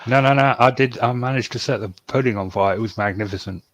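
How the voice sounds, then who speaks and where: A man's voice: mid-range voice, fast talker, dry recording. A man co-hosting a podcast in casual banter, teasing his partner and telling stories. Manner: teasing, storytelling. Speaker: podcast co-host.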